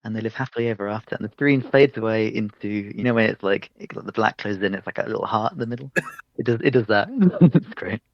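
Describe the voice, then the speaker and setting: A man co-hosting a casual podcast, retelling a game's story with lively acted-out character lines and frequent laughter. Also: lowish voice, fast, gravelly, no room sound, lo-fi sound. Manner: animated storytelling, acts out characters, laughs often. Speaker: podcast co-host reviewing a game. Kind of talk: casual chat.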